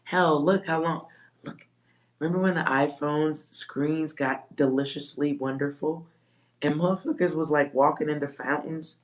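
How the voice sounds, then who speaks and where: Low-voiced blunt woman. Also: fairly even intonation, normal speed. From Texas. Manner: blunt, profane, laughs often. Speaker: psychic reader on a livestream. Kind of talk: casual livestream chat.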